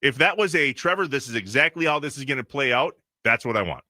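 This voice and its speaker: A man co-hosting a sports radio show, ranting in quick bursts in a casual talk style. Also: medium pitch, lively intonation, sharp tone, dry recording, studio quality. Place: radio studio. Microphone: studio microphone.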